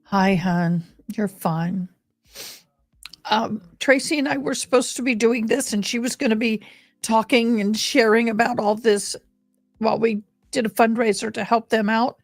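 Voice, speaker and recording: A woman with a fairly high voice hosts a casual live stream, chatting away about a game. She gushes affectionately over little details. Soft music plays faintly behind her. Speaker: live streamer hosting a fundraiser.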